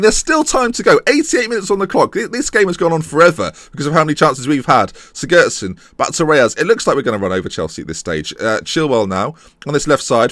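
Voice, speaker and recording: A man giving excited, breathless play-by-play commentary over a football management game as a YouTuber. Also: fairly high pitch, dry recording. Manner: animated, breathless play-by-play with exclamations. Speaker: gaming YouTuber.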